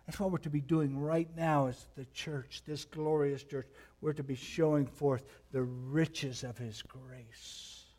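Male pastor, higher voice, slow deliberate delivery, hushed to loud in swings. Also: fairly even intonation. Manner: dramatic swings from hushed whispers to loud emphatic preaching; slow, deliberate reading of scripture. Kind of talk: sermon.

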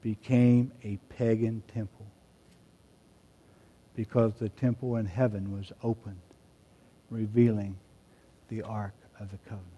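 A man preaching a sermon, moving between quiet reflective passages and loud emphatic shouts. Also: on the low side, flat delivery, measured pace, long pauses. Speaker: pastor.

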